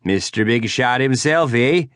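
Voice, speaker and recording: A man putting on a big, drunken backwoods bruiser with a Yooper twang that lifts at the end of his phrases. He taunts in a drawn-out, mocking way. The audiobook recording is dry and close. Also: medium pitch, expressive, a bit bright, no echo, pitched above the performer's own voice. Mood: taunting. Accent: Upper Peninsula Michigan "Yooper" twang. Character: big drunk red-haired male backwoods rival, belligerent. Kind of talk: audiobook narration.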